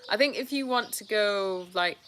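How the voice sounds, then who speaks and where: A woman's voice: medium pitch, moderate pace, fairly bright tone. A young woman co-hosting a live Q&A, reading viewer comments aloud in a casual, hesitant way with many fillers. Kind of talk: live stream Q&A chat.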